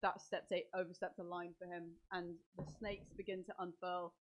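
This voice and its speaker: A woman's voice: lowish voice, flat delivery, normal speed. A woman narrating as dungeon master, describing scenes vividly and talking through the rules aloud. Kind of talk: narrating a tabletop game.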